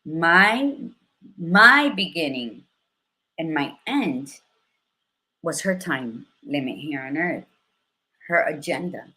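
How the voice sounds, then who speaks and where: A woman in her fifties hosts a candid talk show in casual chat, her tone bright and forceful with lively intonation. She speaks openly and emotionally, then turns motivational in a lowish voice, taking it slowly and pausing often, and now and then does something with a phrase.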